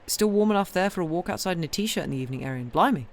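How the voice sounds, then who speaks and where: A woman who reads books aloud on a home livestream chats with viewers in a rapid-fire, expressive, lowish voice. She rambles, answers chat messages, says lots of ums, and mentions that she's tired, yawning as she goes.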